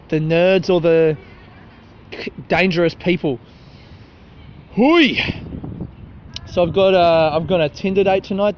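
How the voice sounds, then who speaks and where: This young podcast host walks a city street at night, phone in hand, rambling solo with plenty of profanity, self-mockery and laughter at his own jokes. His pitch is fairly high, his tone darkish. Faint traffic and passing people seep into the dull phone recording.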